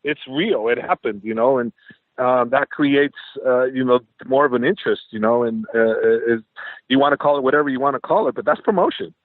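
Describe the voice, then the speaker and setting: An MMA coach tells stories in a phone interview, energetically acting out quoted dialogue in an animated way. His voice is medium-pitched and fairly quick, heard over a tinny, dry phone line with no echo.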